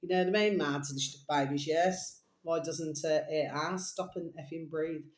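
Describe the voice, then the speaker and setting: A woman's voice: low voice, normal speed, reverberant. A woman chatting in a rambling, casual monologue, calling her listeners her little babies. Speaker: vlogger.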